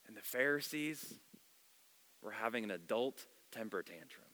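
Expressive male pastor with a bright voice. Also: on the low side, moderate pace. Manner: expressive storytelling, shifting loud and soft. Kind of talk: sermon. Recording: long hall reverb.

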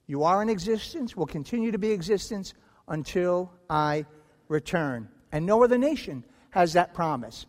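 A man's voice: high-pitched, expressive, normal speed. A man preaching a sermon as pastor, emphatic, acting out quoted voices in a church sanctuary. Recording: long hall reverb.

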